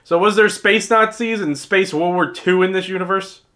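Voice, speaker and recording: A man's voice: sits high, normal speed, over loud music. A man reviewing a movie in casual commentary, with a sarcastic, mocking manner.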